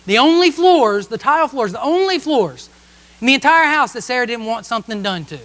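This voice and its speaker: A pastor with a very high, bright, forceful voice delivers a self-mocking story to his congregation. He keeps the tone light and comic and checks in with the room with quick asides. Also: animated. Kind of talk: storytelling sermon. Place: church service.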